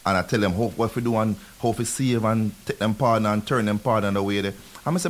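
A man from Jamaica with a Jamaican accent, a realtor guest talking fast on a radio show, mixing in patois. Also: mid-range voice, animated. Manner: fast talking, laughs easily, mixes patois. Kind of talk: casual radio interview.

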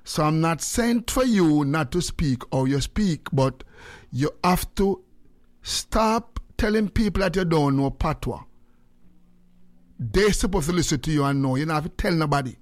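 A Jamaican man with a slightly raised voice talks in a loose, lively way. He hosts the chat, slipping between English and patois as he lectures and jokes. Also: a little high, a little slow. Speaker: radio host. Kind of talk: casual chat.

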